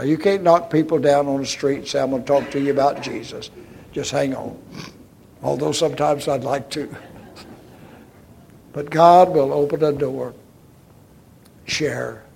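An older pastor preaches an emphatic sermon, calling the congregation "folks," checking in with "okay?", and swinging from loud to hushed. His voice is fairly high and creaky, with a little hiss or hum in the recording.

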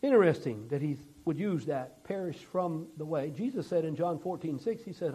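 A male pastor preaching with a high, husky voice. He moves between loud, emphatic declarations and hushed, intense stretches. His sermon delivery is dynamic and earnest. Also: animated, normal speed, hardly any pauses, low-quality recording.

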